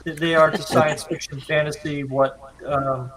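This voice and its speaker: A man's voice: a little high, little pitch movement, a little slow, a crowd in the background, low-quality recording. A man chatting casually on a podcast, musing aloud in a wry way. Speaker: podcast guest. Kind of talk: casual chat.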